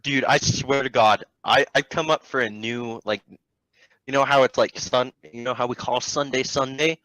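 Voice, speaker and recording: A man's voice: normal speed, no room sound, rough recording. A man telling a casual, profane story about an annoying customer, switching into mocking voices for the people in it. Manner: animated, profane, mimics customers in a low mocking voice. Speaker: storyteller among friends.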